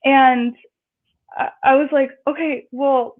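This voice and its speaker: A chatty woman with a high voice, telling a story and jumping up in pitch whenever she acts out what people said. She comes through a thin, tinny phone line, with the audio squeezed and narrow. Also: normal speed. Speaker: guest. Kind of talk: casual storytelling.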